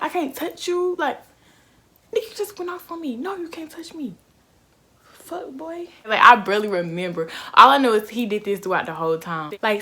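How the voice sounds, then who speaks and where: Young woman venting about a bad date on camera, lowish voice, swings loud and soft. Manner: animated and expressive, swearing freely. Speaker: vlogger. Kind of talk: casual storytime vlog.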